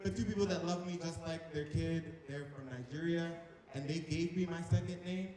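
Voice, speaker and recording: Young male stand-up, playful and chatty, slightly high voice, heavy reverb. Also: steady tone, moderate pace, mellow. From North Carolina. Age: young adult. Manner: playful, chatty, audience-teasing. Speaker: stand-up comic. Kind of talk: stand-up comedy. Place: large echoing hall on stage. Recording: echoey hall reverb.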